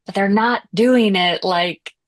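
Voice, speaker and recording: A woman's voice: mid-range voice, slow. Woman chiropractor on a podcast, tells stories, acts out who said what. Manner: storytelling, acts out little dialogues. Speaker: chiropractor guest. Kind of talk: conversational interview.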